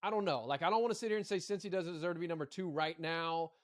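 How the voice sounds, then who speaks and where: A man with a high voice co-hosts a casual college sports podcast. He talks in bursts, often repeating a word before he gets going. The sound is dry and close. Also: racing, dry recording. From Arkansas. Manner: animated, repeats words when thinking. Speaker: podcast co-host.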